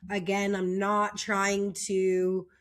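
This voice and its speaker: A woman's voice: mid-range voice, monotone, takes it slowly. Chatty young woman recapping reality TV. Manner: chatty, frequent "like" fillers, exasperated. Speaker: reality TV commentator. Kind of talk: casual opinionated recap.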